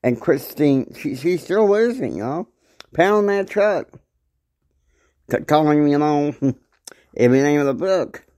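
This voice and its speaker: A man's voice: on the high side, expressive, a little slow, pauses often, mellow. A man casually retelling a story in a rambling way with lots of filler words. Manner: rambling, many fillers and restarts.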